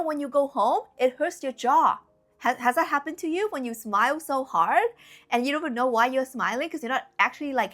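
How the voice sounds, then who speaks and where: A woman's voice: on the high side, a bit bright. A woman giving a motivational talk to camera as a spiritual coach, earnest and direct, often checking in with her listeners.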